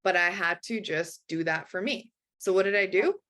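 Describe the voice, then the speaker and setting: A woman life coach telling a personal story in an animated way, acting out quoted voices and often saying "like". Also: lowish voice, moderate pace. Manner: acts out quoted voices, frequent "like".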